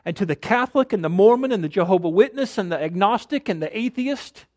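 High-voiced preaching pastor. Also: male voice, lively intonation, quick pace, darkish tone. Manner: dynamic preaching, rhetorical questions, drops to near-whisper for emphasis. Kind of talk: sermon.

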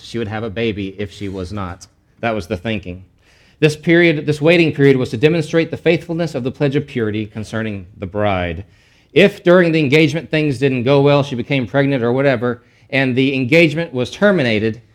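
A middle-aged man giving a Bible teaching in a loose, conversational way. He explains as he goes, doubles back on his words and adds offhand asides. His voice sits at an ordinary pitch for a man. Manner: casual and explanatory, with frequent restarts and asides.

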